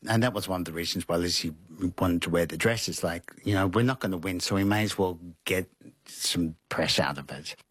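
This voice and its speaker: A man, a guest in an interview, telling animated stories and acting out quotes with laughs. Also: low voice, a little fast, breathy edge, no room sound, clean studio sound. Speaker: interview guest, costume designer. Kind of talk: conversational storytelling.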